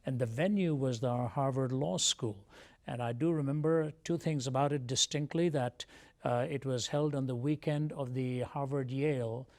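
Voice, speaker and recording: A man from India, a guest on a TV interview show, telling his life story in a measured, earnest way. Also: medium pitch.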